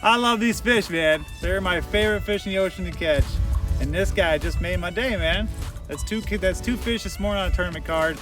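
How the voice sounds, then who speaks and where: Excited high-voiced man. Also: a little fast, low-quality recording. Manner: hyped and exclamatory, keeps shouting "heck yeah, baby". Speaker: fishing vlogger. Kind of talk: excited play-by-play while fishing. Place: outdoors on a kayak on open water. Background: loud background music.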